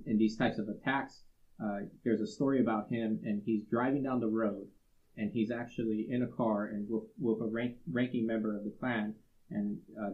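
Man co-hosting a podcast, muffled audio. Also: lowish voice. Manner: retells a story from a book, many fillers and restarts. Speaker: podcast co-host. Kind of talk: casual podcast discussion, storytelling.

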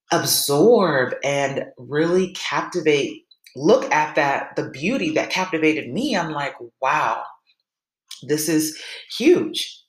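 A woman podcast host telling a personal story in a monologue, acting out her own past thoughts in a lively, rising voice. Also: low voice. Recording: roomy echo.

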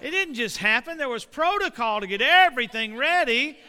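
A middle-aged man preaching a sermon, animated and building to shouts. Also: very high voice, normal speed. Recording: long reverb of a hall.

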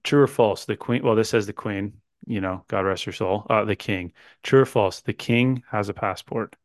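Joking podcast host, low dry voice. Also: male voice, moderate pace, dry recording. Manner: joking, rambling, playful quizzing. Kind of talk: casual chat.

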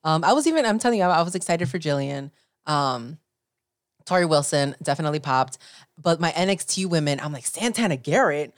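A young woman co-hosting a podcast, chatting excitedly and swearing casually. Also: low voice, fairly quick, no room sound, studio quality. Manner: excitable, swears casually, acts out her own reactions. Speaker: podcast co-host. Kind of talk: casual chat.

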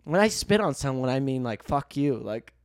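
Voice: medium pitch, sing-song, moderate pace, dry recording, studio quality. A podcast host in casual chat, rambling through many fillers and swearing freely.

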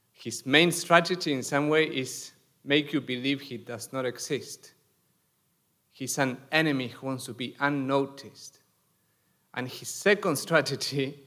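Slow, deliberate preaching priest. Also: male voice, medium pitch, a bit bright. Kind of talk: sermon. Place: church.

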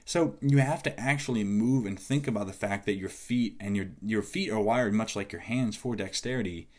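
Man, lowish voice, podcast host, movement coach, casual monologue, animated, exasperated. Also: normal speed. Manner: animated, exasperated, acts out quoted exchanges.

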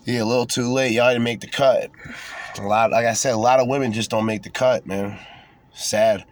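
A man's voice: mid-range voice, steady tone, normal speed. A young man hosting a podcast, reading articles aloud and breaking off into sarcastic, profane commentary. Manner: sarcastic, profane, mocking asides. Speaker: podcast host. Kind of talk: casual unscripted rant reading articles aloud.

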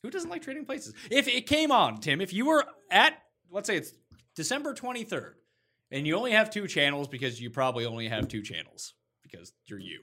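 A man's voice: sits high, very animated, brisk, pushed and bright. A man hosting a casual podcast, talking bluntly and emphatically, with plenty of swearing. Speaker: podcast host.

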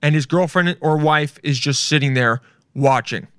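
Podcast host, male, slightly high-pitched, rambling and profane, dry close sound. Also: moderate pace, a bit bright, clear, resonant tone, no echo. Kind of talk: casual podcast chat.

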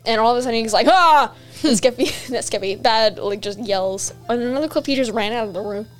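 Chatty young woman with a slightly high voice. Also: quick pace, faint music behind. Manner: rambling, trails off and restarts. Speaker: podcast co-host. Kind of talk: casual chat.

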